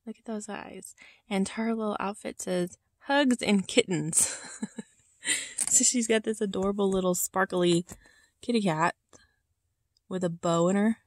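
A woman showing her doll collection in a casual vlog, soft-spoken and halting, often dropping to a whisper and holding back tears. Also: medium pitch, steady tone, no room sound. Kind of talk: casual show-and-tell vlog.

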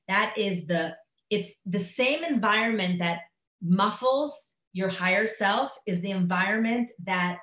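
A woman's voice: medium pitch, a bit bright. A woman teaching a live lecture in a conversational way, acting out inner voices as she speaks. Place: classroom. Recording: echoey room.

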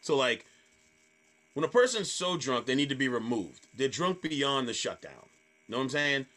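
New comic guy, bright voice, bounces all over in pitch, loud heckler impressions. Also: moderate pace. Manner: animated storyteller, acts out hecklers in loud voices; swears freely. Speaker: stand-up comedian guest. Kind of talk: casual podcast chat.

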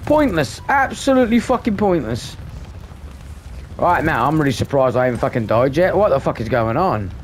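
A man's voice: fairly high pitch, very animated, normal speed, a little hiss or hum. A man giving live commentary on his gameplay, ranting in frustration and swearing constantly. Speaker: gaming video creator.

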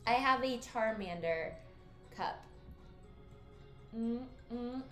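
A woman's voice: on the high side, reverberant. A woman streamer casually commenting on a video game, reading the game text aloud, swearing and joking as she goes.

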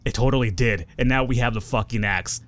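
A young man chatting casually through a survival game, swearing often and jumping up in pitch when excited. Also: fairly quick. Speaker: gaming video host. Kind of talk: casual let's play commentary.

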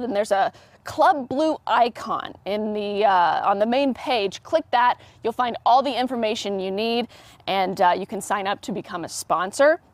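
A woman news reporter talks through a live segment in a chatty, upbeat manner, dropping casual fillers. Her voice sits fairly high. The sound is dry and close, with no room echo.

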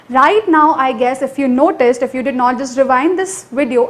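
High-voiced Indian English woman tutor. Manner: energetic, emphatic teaching with promotional pitches. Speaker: IELTS tutor. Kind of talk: online lesson.

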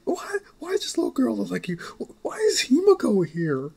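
A man voicing a flustered middle-aged mother who stammers out rapid-fire demanding questions. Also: on the high side, huge pitch swings, vocal fry, warm tone, slightly rough, voice pushed up, heavily acted. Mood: shrill, demanding.

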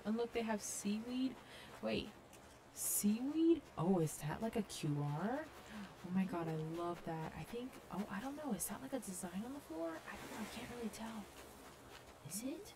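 A young woman casually commenting as she tours a video game island, gushing and gasping with excitement. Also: fairly high pitch, normal speed, background noise. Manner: gushing, excited, lots of gasps and "oh my God". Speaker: gaming vlogger touring a fan-made island.

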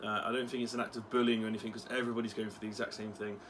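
A man's voice: on the low side, little pitch movement, very fast, background noise. Casual sweary young man. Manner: casual, sweary, many fillers. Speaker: vlogger, ex-soldier. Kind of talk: casual commentary vlog.

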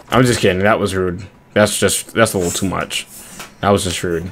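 A male streamer talks over a round of an online shooter. He trolls other players with mock-prim, deadpan scolding, his tone bright and sharp, and now and then he breaks into loud mockery. Faint noise and clicks sit under his voice. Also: low-pitched, brisk. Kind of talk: trolling voice chat during an online shooter game.

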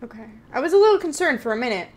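High-pitched, very animated, and slightly mellow, a woman rattles off rapid-fire commentary while streaming a horror game. She chats with her audience in a nervous, joking way and confesses she's scared.

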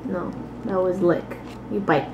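A woman's voice: fairly low pitch, fairly even intonation, unhurried, roomy sound, lo-fi sound, noisy background. A young woman vlogger chatting casually, teasing and laughing often. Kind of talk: casual chat.

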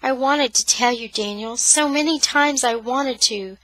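A woman voicing a timid young girl who speaks softly and pleads with her brother. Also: fairly high pitch, unhurried, no echo, voice pushed up, rough recording. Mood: pleading. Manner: soft, breathy, pleading.

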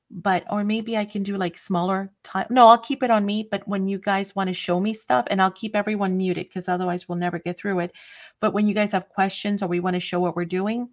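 Chatty woman hosting a craft livestream. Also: medium pitch. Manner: chatty and scattered, frequent laughs. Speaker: craft channel host. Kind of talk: casual livestream chat.

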